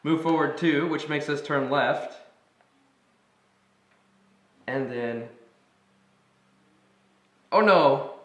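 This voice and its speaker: A man co-hosting a casual board game playthrough, thinking out loud and getting excited over moves. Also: fairly high pitch, a little slow, echoey room, background noise. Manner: thinks aloud, easily excited. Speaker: co-host.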